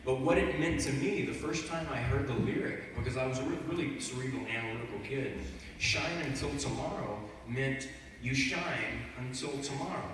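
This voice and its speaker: A man's voice: medium pitch, a little fast, fairly bright tone. A man on a convention panel telling rambling, profane stories to fans, heard from a distant mic in a large, noisy hall. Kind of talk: animated anecdote at a fan panel.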